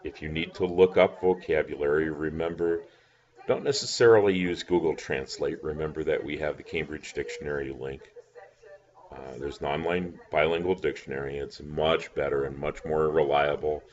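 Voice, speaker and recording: A man's voice: rumbling low, fairly even intonation, normal speed, lo-fi sound. A man teaching a recorded lesson, patient, spelling words out letter by letter. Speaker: language teacher.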